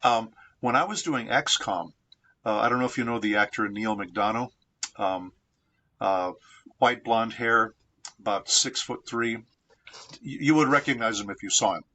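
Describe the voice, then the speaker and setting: A man from San Diego with a bright, forward voice sitting at the low end of the usual male range. He tells stories from his voice acting work in an unhurried interview style, steady and reflective. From San Diego, United States. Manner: measured, reflective storyteller. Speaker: voice actor guest. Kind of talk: anecdotal interview storytelling.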